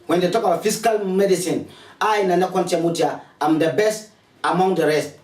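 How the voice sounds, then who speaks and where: A man with a Ghanaian accent makes a preachy, repetitive sales appeal, coaxing and urging his listeners over and over. His voice sits high for a man. He sounds set back from the mic in an echoing room. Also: steady tone, moderate pace, a little mellow, recorded from a distance. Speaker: spiritualist advertising his services. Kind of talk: promotional appeal to viewers.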